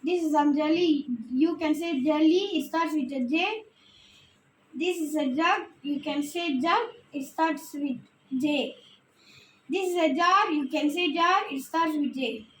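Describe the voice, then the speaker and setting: Woman reading teacher, high voice, slow careful delivery in an echoey room. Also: a bit bright, slight background noise. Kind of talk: slow phonics lesson and read-aloud.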